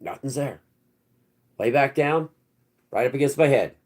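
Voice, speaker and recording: A man's voice: medium pitch, moderate pace, background noise. A man hosting his own channel, telling a first-person story in a rambling, slangy way with restarts and swearing. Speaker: channel host.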